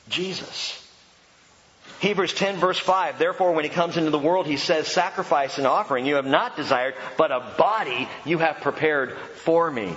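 A male pastor preaching a sermon with passion, swinging between loud emphasis and slow hushed lines. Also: medium pitch, a little hiss or hum. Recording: dull sound with long church reverb.

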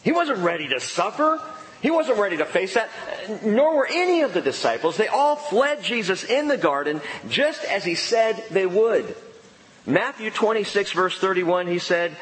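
A man's voice: big pitch swings, normal speed, fairly bright tone, a little hiss or hum. Emphatic man preaching in a reverberant hall. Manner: emphatic preaching, dropping low for key words. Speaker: pastor. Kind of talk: sermon.

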